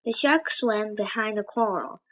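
A woman's voice: medium pitch, a little slow, a bit bright, rough recording. A woman reading a children's chapter book aloud with careful delivery and occasional slips and restarts.

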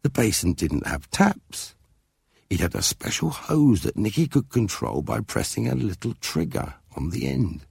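Man reading a kids story, low creaky voice, bouncy intonation, dry close recording. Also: no room sound. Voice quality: expressive, lively read-aloud manner. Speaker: narrator. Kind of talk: children's storybook read-aloud.

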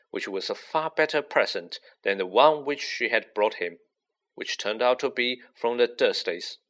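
A man reading a storybook aloud as narrator, with an expressive, varied delivery. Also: mid-range voice. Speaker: audiobook reader.

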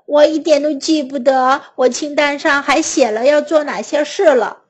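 A woman's voice: normal speed, natural voice. A woman voicing a fussy, fretful male toad in a children's storybook, anxious and wailing, with a Mandarin Chinese accent. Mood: glum. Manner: anxious, high-pitched and wailing.

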